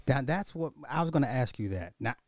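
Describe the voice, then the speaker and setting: A man hosting a casual livestream chat, animated and quick to react with agreements. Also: medium pitch. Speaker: host.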